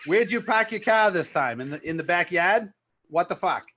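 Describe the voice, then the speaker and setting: Excited New England DJ. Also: male voice, high voice, a little hiss or hum. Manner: excited, fast and rambling. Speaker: DJ promoting his live mix show. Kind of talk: casual chat.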